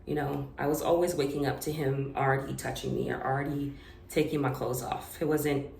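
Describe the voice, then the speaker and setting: A young woman telling a personal story to camera in an unedited confessional vlog, halting and hesitant, with many fillers and restarts. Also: a bass voice, steady tone, gravelly, a little mellow. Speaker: vlogger. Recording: echoey room with faint noise.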